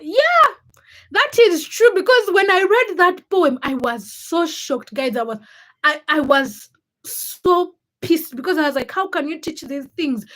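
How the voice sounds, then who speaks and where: A young woman in her twenties hosting a livestream, speaking her opinions in an outspoken, animated way and greeting viewers from the chat. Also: sits high. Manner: outspoken, animated, thinks aloud with restarts. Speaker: livestream host. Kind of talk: casual livestream chat, reading viewer comments.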